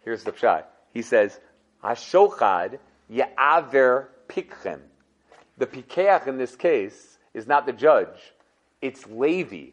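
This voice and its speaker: A man teaching a casual Torah class, telling stories in an animated, conversational way. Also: mid-range voice, measured pace, lo-fi sound.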